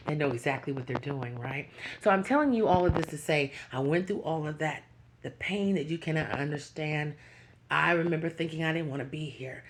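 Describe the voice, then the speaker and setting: A low-voiced woman hosts her own YouTube channel, speaking emotionally and directly to viewers with earnest, preachy encouragement. The recording quality is poor.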